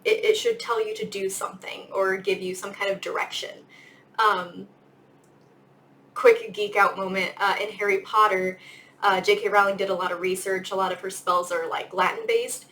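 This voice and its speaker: A woman's voice: medium pitch, sharp tone, poor audio. Chatty young woman teaching grammar. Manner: chatty, lots of "like" and "um". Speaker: English teacher. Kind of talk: casual video lesson.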